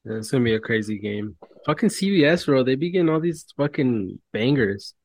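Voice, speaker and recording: A man's voice: medium pitch, brisk. A man co-hosting a sports podcast, talking casually, swearing a lot and venting about announcers. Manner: profane, animated, mocks announcers. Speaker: podcast co-host.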